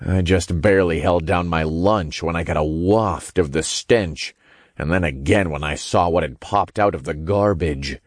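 A man narrating a first-person novel in a steady storytelling manner with casual swearing. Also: low-pitched, normal speed, no echo, studio quality. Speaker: audiobook narrator.

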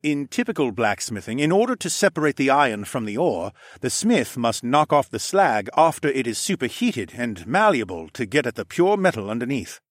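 A man voicing an eager, cheerful male alchemist in a higher, lively voice. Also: moderate pace, hardly any pauses, dry recording, studio quality.

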